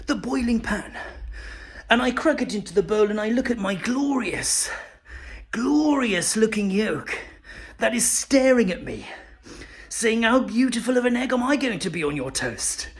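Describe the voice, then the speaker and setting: Man putting on a stand-up comic voice, high, frantic, exaggerated, breathless rant. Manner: breathless, exaggerated, rising to shrill peaks. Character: excitable fussy male stand-up comic, middle-aged. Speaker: comedian. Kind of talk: stand-up impression.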